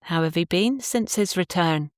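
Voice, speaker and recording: A woman's voice: lowish voice, normal speed, no echo, clean studio sound, voice pushed up, lightly acted. A woman voicing a cheerful, affectionate young Cornish wife in an audiobook, speaking in a lilting dialect. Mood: kind.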